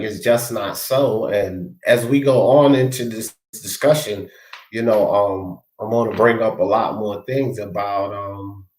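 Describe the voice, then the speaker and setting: A man hosting a casual talk stream, rambling as he reads viewers' comments aloud and speaks to them by name. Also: lowish voice. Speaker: livestream host reading chat. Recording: echoey room.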